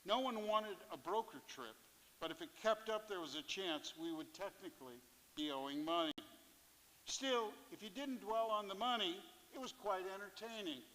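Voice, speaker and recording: A man's voice: sits high, moderate pace, a bit bright. A man reading his own fishing memoir aloud on a theatre stage, telling it plainly with dry asides. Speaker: fisherpoet performer. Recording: live theatre with long reverb.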